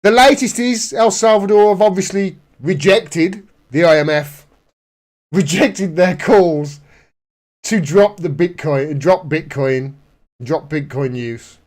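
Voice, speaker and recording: A man's voice: high-pitched, slow, a little mellow. A man in casual commentary, reading out news articles and mocking them sarcastically, laughing as he goes. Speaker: political commentator.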